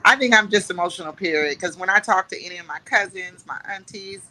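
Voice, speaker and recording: A woman's voice: on the low side, animated, fast talker, pushed and bright, a little hiss or hum, rough recording. A middle-aged woman, a podcast guest who chats openly, laughs often and calls herself emotional. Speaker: guest cast member. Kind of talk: casual chat.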